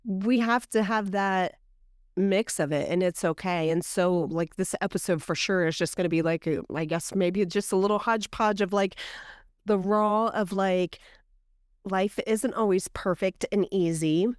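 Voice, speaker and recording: A woman's voice: medium pitch, unhurried, clean tone, no room sound, studio quality. A middle-aged woman co-hosting a podcast, telling stories in casual chat with lots of "like". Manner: animated storyteller, fillers of "like". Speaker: podcast co-host.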